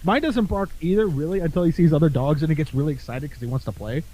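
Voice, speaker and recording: Mellow, higher-voiced man telling stories. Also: quick pace, slight background noise, poor audio. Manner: profane, laughing storyteller who acts out his dog. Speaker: podcast co-host. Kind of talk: casual chat.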